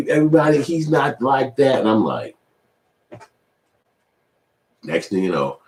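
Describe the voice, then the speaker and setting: A man in his forties giving casual, profane commentary, animated and switching into high mimicking voices. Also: roomy sound. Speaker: video commentator.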